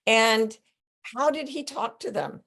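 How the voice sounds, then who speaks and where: A woman life coach and author as an interview guest, telling stories with lively acted-out quotes. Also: a little high, slow, gravelly. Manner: animated storyteller who acts out quotes. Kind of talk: conversational interview.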